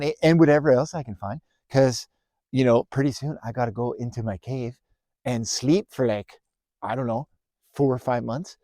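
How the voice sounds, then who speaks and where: A man's voice: medium pitch, a little mellow, no echo, close to an everyday voice. A friendly male grizzly bear rambles on in a slightly raised, cheerful chatter, as a man puts him on. His talk is dotted with easy asides and "eh?". The sound is dry and close, a read-aloud storybook.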